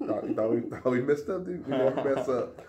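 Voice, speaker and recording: A man's voice: medium pitch, expressive, fairly quick, a crowd in the background. A man co-teaching a spoken word class, joking and teasing the others in casual banter. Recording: roomy echoey space.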